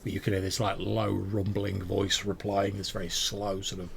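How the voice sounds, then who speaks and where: A man running a tabletop game, his low voice gravelly and rough at the edges. He narrates in a relaxed, halting way, with a faint hiss under the recording. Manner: relaxed, hesitant, many fillers. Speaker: game master.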